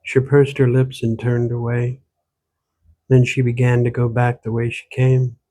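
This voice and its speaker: A man, the author, reading his own gothic horror novel aloud in steady, measured storytelling. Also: mid-range voice. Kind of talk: audiobook narration.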